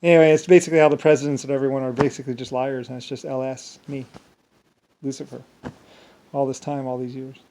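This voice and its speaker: A man's voice: mid-range voice, little pitch movement, quick pace, dark tone, slight background noise. A man talking alone in a meandering monologue, full of restarts and filler words. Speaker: solo vlogger. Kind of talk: rambling monologue.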